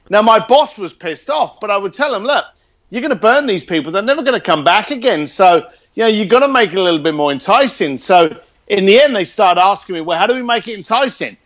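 Interview guest: man with a high voice, blunt, animated storyteller, swears. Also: fast talker. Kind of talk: casual storytelling.

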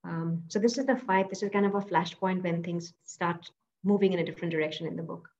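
A woman author reading aloud from her novel in a measured, steady way. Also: fairly low pitch, dull audio. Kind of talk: literary reading.

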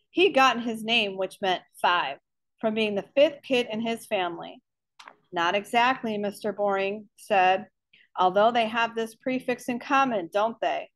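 Bright-voiced woman reading a storybook aloud. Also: medium pitch. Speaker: art teacher reading aloud. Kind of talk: reading a children's novel aloud.

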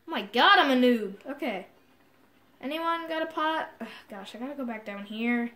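Excitable woman gamer commentating. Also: high-pitched. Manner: excitable, self-mocking, quick to yell. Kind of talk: let's play commentary.

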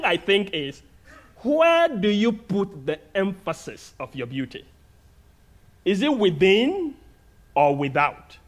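Ghanaian-accented male preacher, higher-pitched voice, slow deliberate sermon delivery. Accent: Ghanaian English. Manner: slow, deliberate, earnest preaching with long pauses. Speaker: guest preacher. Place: church sanctuary.

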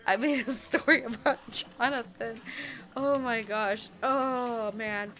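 Young woman, early 20s, tipsy game streamer, excitable and loud, slightly high voice. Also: takes it slowly. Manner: excitable, exclaiming, swearing and laughing. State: tipsy from taking shots. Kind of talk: casual gameplay livestream.

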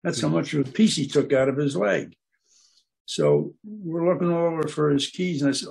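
Gravelly older man telling stories. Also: fairly high pitch, big pitch swings, moderate pace, darkish tone. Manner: meandering, searches for words with many fillers. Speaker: guest speaker at an aquarium club. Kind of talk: rambling anecdotal storytelling.

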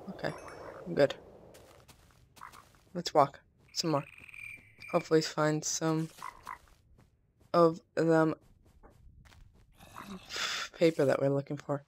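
A woman giving casual gameplay commentary as a let's play gamer, chatty and quick to burst into startled exclamations. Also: deep voice, little pitch movement, darkish tone, a little hiss or hum.

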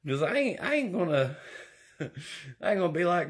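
A man's voice: high-pitched, big pitch swings, normal speed, pauses often, husky. A man, rambling and joking his way through an indoor vlog. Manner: rambling, jokey, drawling. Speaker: vlogger.

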